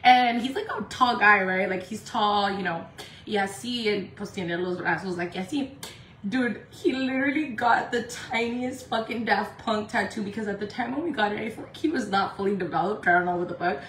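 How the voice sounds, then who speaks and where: A woman from Indio, California, chatting casually on a makeup livestream from home, talking fast and loose, swearing freely and saying "like" a lot. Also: medium pitch, a bit bright, distant mic. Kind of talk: casual live-stream chat. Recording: echoey room with faint background noise.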